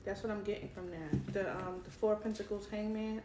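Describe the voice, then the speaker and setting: A woman's voice: medium pitch, level tone, brisk, few pauses, echoey room, far from the mic, heavy background noise. A woman with a Brooklyn accent, giving a chatty tarot reading into her cell phone with many fillers and laughs. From Brooklyn, New York. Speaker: tarot reader.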